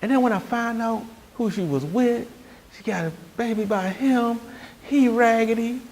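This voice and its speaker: A man preaching a sermon as pastor, telling stories with growing energy and sometimes shouting. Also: very high voice, normal speed, a little hiss or hum. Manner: animated storytelling, rising to shouts.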